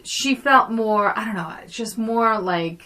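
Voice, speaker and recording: A woman's voice: on the high side, takes it slowly, sharp tone. A woman co-hosting a podcast, chatting casually about a film and retelling scenes with many fillers. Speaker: podcast co-host.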